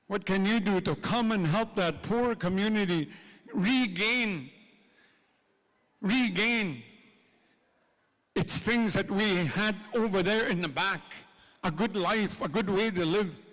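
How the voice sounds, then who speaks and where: A man's voice: high voice, a bit bright. A man giving an impassioned speech at a gathering, repeating his points and addressing the audience directly. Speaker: speaker at a treaty gathering. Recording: long hall reverb.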